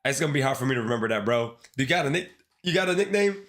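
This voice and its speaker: A man with a Caribbean accent hosts a live stream and talks in a relaxed, slangy way. He speaks straight to the viewers at a middle pitch, even while he works through code. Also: very fast. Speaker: livestreamer. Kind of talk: casual livestream chat while coding.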